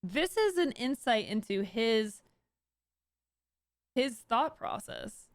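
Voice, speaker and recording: High-voiced chatty woman streamer. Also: sing-song, takes it slowly, no echo. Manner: chatty, talks straight to her chat; stumbles and restarts words. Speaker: streamer commenting on news. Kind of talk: casual live-stream commentary.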